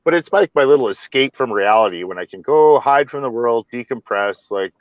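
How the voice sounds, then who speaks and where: A man talking in a relaxed, casual way over his cell phone, swearing now and then. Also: medium pitch, a little fast, no echo. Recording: dry, dull cell phone audio.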